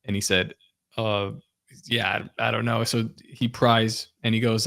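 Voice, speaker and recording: A man hosting a podcast, relaxed, telling a story with lots of fillers. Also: on the low side, moderate pace, vocal fry. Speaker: podcast host.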